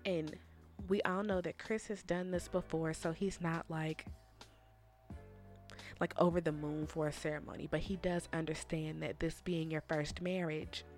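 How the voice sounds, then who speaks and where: Woman, young adult, casual reality TV commentary, sassy and animated, slightly low voice, faint music behind. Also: a little slow. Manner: sassy, animated, talks straight to the viewers. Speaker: reality TV recap host.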